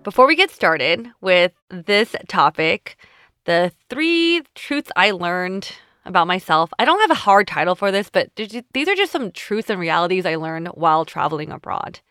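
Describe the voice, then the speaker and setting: A woman's voice: on the low side, very animated, normal speed, fairly bright tone, clear, resonant tone, dry recording, clean studio sound, soft background music. A woman hosting her own podcast, chatting casually and reflectively and often using "like" as a filler. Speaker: podcast host.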